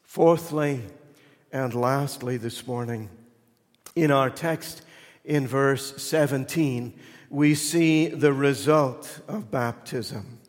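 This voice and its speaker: A man preaching a sermon as pastor, moving between loud emphatic lines and hushed, almost whispered ones. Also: mid-range voice, takes it slowly. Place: church sanctuary. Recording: long reverb of a church hall.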